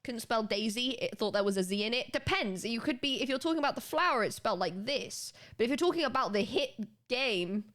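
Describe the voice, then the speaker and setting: A young British woman streaming and chatting casually with her chat, animated and quick to laugh, with casual swearing. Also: fairly high pitch. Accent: British English. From United Kingdom. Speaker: livestreamer.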